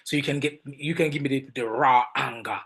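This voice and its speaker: A man with a Jamaican accent, a film director and podcast guest, telling stories in an animated, emphatic way and often repeating words. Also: medium pitch, brisk, creaky, slightly rough. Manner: animated, emphatic storytelling with frequent word repeats. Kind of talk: casual podcast interview.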